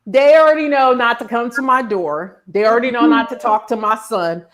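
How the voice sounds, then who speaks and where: A woman in her forties telling a story in a casual group chat, animated and acting out the people she quotes. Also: a little high, fairly quick.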